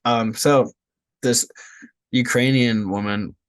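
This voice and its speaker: A man's voice: medium pitch, fairly even intonation, slow, clear, resonant tone. Laid-back swearing young man telling stories. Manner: laid-back, swears freely, lots of "like" fillers. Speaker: podcast guest. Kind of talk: casual storytelling.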